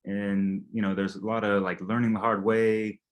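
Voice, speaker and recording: Low-ish voiced guy asking questions, lots of um and you know, kinda trails off. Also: little pitch movement, moderate pace. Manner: hesitant, many fillers and trailing thoughts. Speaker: interviewer and old friend. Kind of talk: casual interview chat.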